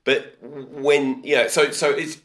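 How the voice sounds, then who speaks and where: A man's voice: mid-range voice, fairly even intonation, takes it slowly, a bit bright. A man hosting a podcast, chatting casually and thinking aloud with frequent restarts. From Australia. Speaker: podcast host. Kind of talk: casual conversational interview.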